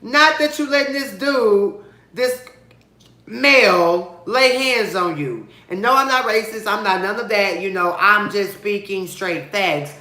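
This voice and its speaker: A man reviews a show in a casual vlog, gossiping bluntly and with lots of sass. His bright, sharp voice leaps up and down for dramatic effect. The sound has a roomy echo. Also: measured pace. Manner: dramatic, sassy and expressive, with big swings of pitch and loudness; gossipy and blunt, with slang and profanity.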